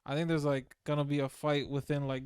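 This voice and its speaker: A man's voice: a little high, flat delivery, a little fast, a little mellow, clean tone, dry recording, clean studio sound. A man co-hosting a casual podcast chat about web novels, easygoing and laughing along. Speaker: podcast co-host.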